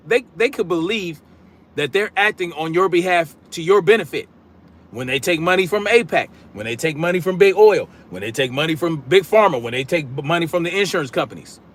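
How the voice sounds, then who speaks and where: A man with a slightly high, a bit bright voice argues combatively on his political live stream, projecting as he reads out chat. He's blunt, slangy, and leans on repeated catchphrases.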